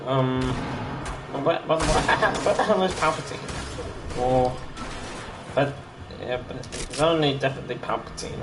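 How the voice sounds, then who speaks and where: A man streaming a game, rambling and halting with many fillers as he plays. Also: mid-range voice. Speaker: gaming streamer. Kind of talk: casual gameplay commentary. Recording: roomy echo with loud ambient noise.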